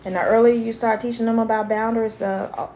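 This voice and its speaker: A woman's voice: fairly high pitch, little pitch movement, fast talker, mellow, a little hiss or hum. A middle-aged grandmother hosting a casual parenting live stream from home. She talks bluntly and chattily and keeps breaking off to talk to her grandson.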